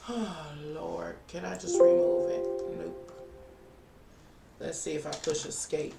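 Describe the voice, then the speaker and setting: Level in tone and somewhat creaky, this medium-pitched voice takes things slowly and pauses often. It belongs to a live streamer and tarot reader thinking aloud to viewers in a casual chat while working at a computer indoors. The mic is distant and the room echoes, with faint music in the background.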